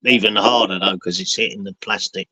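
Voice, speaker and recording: A middle-aged man chats easily on a call, his voice bright and forward. The sound is dry and close, with no room around it. He keeps up a loose, friendly banter. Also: fairly low pitch, fairly even intonation, brisk, breathy edge, dry recording, low-quality recording. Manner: chatty, easygoing banter. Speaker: stream host. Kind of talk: casual chat. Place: on a boat in the rain. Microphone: online call mic.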